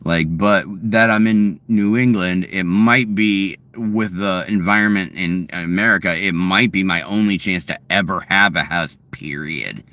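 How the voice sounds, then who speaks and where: A man's voice: deep voice, a little slow, few pauses, bright, forceful tone. A man in his late thirties chatting casually and answering viewers, meandering with many fillers and restarts, often chuckling. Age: 30s. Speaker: streamer answering chat. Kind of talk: rambling casual chat. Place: home.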